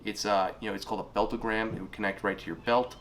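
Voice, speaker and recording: A man's voice: fairly low pitch, fairly even intonation, fast, fairly bright tone, slight background noise. A middle-aged man casually running through items he sold online, rambling with fillers and unsure asides. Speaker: online reseller. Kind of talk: casual spoken sales rundown.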